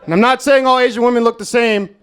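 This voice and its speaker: A young American man works through a stand-up set at an open mic, speaking in a notably high register. His delivery is dry and deadpan, crude and self-mocking. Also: fast talker. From United States. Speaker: stand-up comedian. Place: comedy club stage, Las Vegas.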